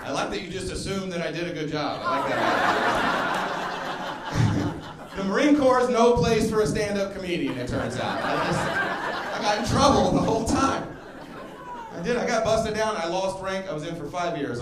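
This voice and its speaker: High-voiced male stand-up comic in a roomy club. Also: expressive, normal speed, a loud crowd. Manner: storytelling, acting out other people with loud exclamations. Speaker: stand-up comedian. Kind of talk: stand-up comedy set. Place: comedy club stage before a laughing crowd. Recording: roomy club sound with audience noise.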